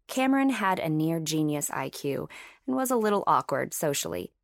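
Audiobook narrator, woman, low-ish and dry, steady storyteller. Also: normal speed, vocal fry, no room sound. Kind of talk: scripted narration.

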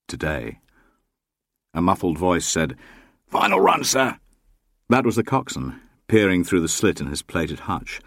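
A man with a very low voice reads a novel aloud in a measured, steady way. The sound is close and dry, with no room around it. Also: no echo. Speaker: audiobook narrator. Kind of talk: scripted narration.

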